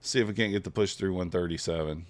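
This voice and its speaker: A man's voice: sits low, fast talker. A man trading live on a stream, thinking aloud in a laid-back, casual way and chatting with his viewers. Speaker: futures trader streaming live.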